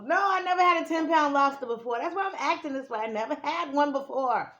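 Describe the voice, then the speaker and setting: A young woman hosting an eating vlog, gushing with excitement and calling her viewers y'all. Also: sits high, normal speed, dull audio. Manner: bubbly, gushing, sing-song exclamations, talks to viewers as y'all. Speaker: mukbang vlogger.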